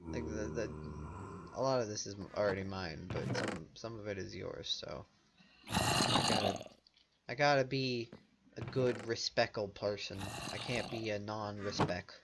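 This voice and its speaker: An American man whose first language is English offers casual, rambling gameplay commentary packed with fillers and self-corrections. His voice is on the low side and measured in pace, and the recording is very noisy.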